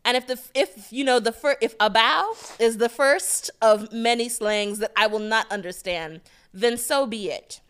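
Female co-host, clear smooth voice, animated playful chat. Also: a little high, normal speed. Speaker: podcast co-host. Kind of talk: casual chat.

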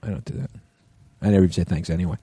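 A middle-aged man chats on a podcast in a relaxed, mellow voice. His stories wander, with plenty of restarts and casual swearing, and the close, dry studio sound keeps him right up front. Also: low voice, very fast, breathy edge, dry recording. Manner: rambling storyteller with many restarts and profanity. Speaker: podcast co-host. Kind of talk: casual chat.

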